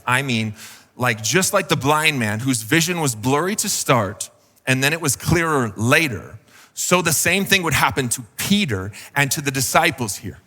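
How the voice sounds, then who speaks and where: A man's voice: medium pitch, sharp tone, long reverb tail. A man preaching a sermon as a pastor, in a casual, joking, conversational way. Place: church sanctuary.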